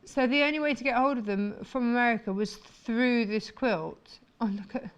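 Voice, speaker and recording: This woman, a shopping channel presenter, speaks at a normal pace in a smooth, somewhat high voice. She's live on TV in a studio, pitching products and gushing over them with enthusiasm.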